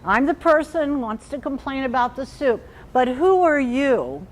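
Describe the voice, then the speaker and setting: A woman trainer giving an animated workshop talk, acting out little quoted inner voices as she explains. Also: sits high, moderate pace, rough recording.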